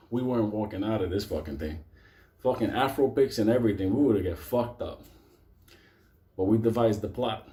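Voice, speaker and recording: A man's voice: medium pitch, mellow. Profane, laughing New storyteller man. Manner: swears constantly, laughs through his own story. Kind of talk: profane live storytelling to an audience.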